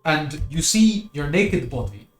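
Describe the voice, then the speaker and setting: A man narrating a tabletop game as game master, describing scenes slowly in the second person. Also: on the high side, big pitch swings, echoey room, soft background music.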